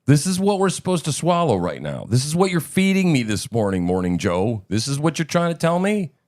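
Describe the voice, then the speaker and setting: A man's voice: on the high side, big pitch swings, a little fast, a little mellow, no room sound, clean studio sound. A male host giving sarcastic, profane political commentary over news clips, with emphatic ranting. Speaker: show host.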